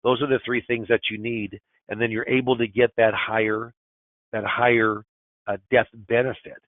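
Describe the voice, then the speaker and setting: A man in his sixties presents a webinar in a folksy, emphatic way, often restarting and repeating his words. His voice sits at an ordinary pitch. It comes through a narrow, phone-like line with no room sound. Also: little pitch movement, moderate pace, dry recording. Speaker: financial advisor presenting a webinar.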